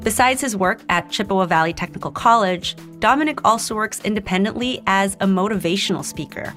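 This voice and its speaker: A woman hosting a podcast, narrating scripted lines in a clear, conversational way. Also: mid-range voice, brisk, a bit bright, faint music behind. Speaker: podcast host.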